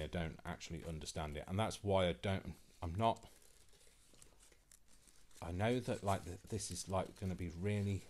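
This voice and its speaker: A man with a very low, deep voice talks in a relaxed, casual way, often circling back and correcting himself mid-sentence. He comes across as earnest and open. There is a faint hiss of noise under the voice. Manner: rambling, earnest, self-correcting with many restarts. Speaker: channel host. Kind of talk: casual chat.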